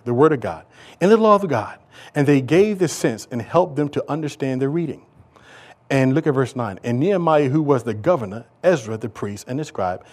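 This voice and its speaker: A male pastor with a high-pitched voice delivers a sermon. He swings between quiet, conversational asides and loud, shouted exhortation. His delivery is folksy and casual.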